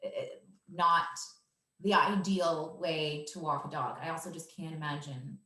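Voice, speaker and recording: Confident woman dog trainer, crisp forceful tone, talks through her methods plainly. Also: deep voice, fairly even intonation, normal speed, roomy sound. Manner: assured, explanatory, laughs easily. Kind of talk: casual interview answers.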